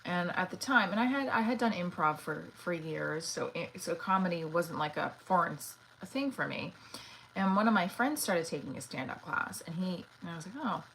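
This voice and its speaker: A woman's voice: fairly low pitch, normal speed, fairly bright tone, slight background noise, rough recording. A woman, an actor and comedian, chatting casually on a livestream, rambling with lots of fillers and restarts.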